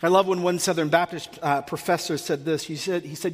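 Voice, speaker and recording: A male pastor from North America preaching a sermon, acting out comic dialogues in an animated way. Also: a little high, brisk, hardly any pauses, in a large hall.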